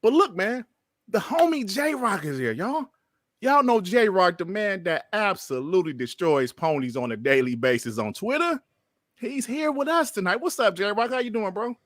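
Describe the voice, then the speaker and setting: A man's voice: high-pitched, sing-song, normal speed, fairly bright tone, no echo. Slangy podcast host man, dry sound. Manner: slangy, laughs often, many fillers. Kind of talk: casual gaming podcast chat.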